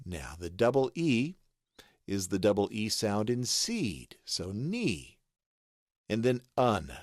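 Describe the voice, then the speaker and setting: An American voice artist leads a screen-share pronunciation tutorial, patiently spelling out letters one step at a time. His fairly low voice comes through in studio quality with no echo.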